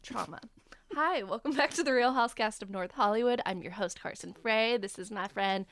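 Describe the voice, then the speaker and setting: A woman's voice: a little high, brisk, a bit bright, slight background noise. A woman hosting a casual pop-culture podcast, talking in a chatty, gossipy way with lots of "like.". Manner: chatty, gossipy, heavy use of "like". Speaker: podcast host. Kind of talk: casual chat. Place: Los Angeles area.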